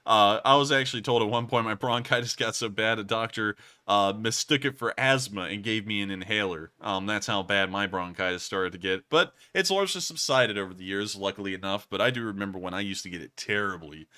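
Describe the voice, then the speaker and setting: Bright, crisp-voiced male livestream host. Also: fairly low pitch, fairly quick, hardly any pauses. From United States. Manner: rambling, earnest, frequent fillers and restarts. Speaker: livestream host answering super chats. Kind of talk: casual livestream chat.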